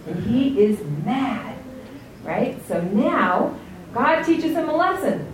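A woman's voice: high voice, very animated, slow pace, slight background noise. An American woman teaching a religious text lesson to a group in a conversational way, often asking "right?". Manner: conversational, keeps checking in with "right?". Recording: roomy, distant mic, faint ambience.

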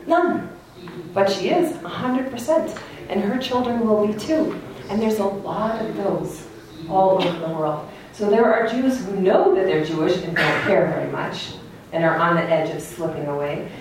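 A woman's voice: mid-range voice, normal speed, far from the mic, noisy background. A middle-aged woman giving an earnest religious lecture to an audience, telling stories as she teaches. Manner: earnest, storytelling, laughs at own anecdote. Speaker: Torah teacher. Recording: echoey hall, speaker away from mic.

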